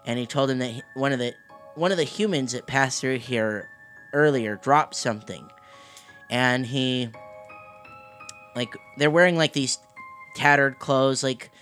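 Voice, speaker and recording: A man narrates as the game master of a tabletop session. He talks in a relaxed, halting way at a middle pitch, often breaking into laughter. Soft background music plays underneath. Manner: chatty, laughing, halting with fillers.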